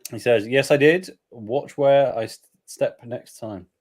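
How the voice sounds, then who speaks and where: A man's voice: mid-range voice, a little slow, darkish tone. Brief: English man co-hosting a beer stream at home, reads out chat comments, joking and rambling. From England. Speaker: live stream co-host. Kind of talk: casual chat reading viewer comments.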